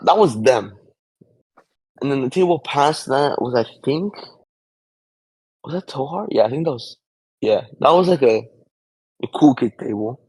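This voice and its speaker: A young man, a podcast co-host, with a gravelly, husky voice and animated, swaggering slang banter. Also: mid-range voice, unhurried, pauses often, no room sound. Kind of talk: casual chat.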